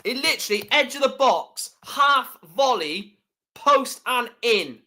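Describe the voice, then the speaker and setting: Casting note: man, fan streamer doing match commentary, slow delivery, chatty and sweary. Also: very high voice, animated, bright, forceful tone. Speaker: live stream host.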